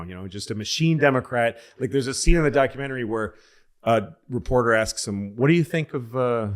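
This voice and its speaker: A man tells long comedic stories in a loose, rambling way. He corrects himself as he goes and swears casually. His voice sits on the low side. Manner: rambling, self-correcting, profane.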